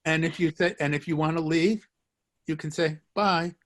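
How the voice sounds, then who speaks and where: A man's voice: on the high side, steady tone, moderate pace, fairly bright tone. A man teaching a live online language lesson, joking, encouraging and repeating phrases for his students. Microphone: video call.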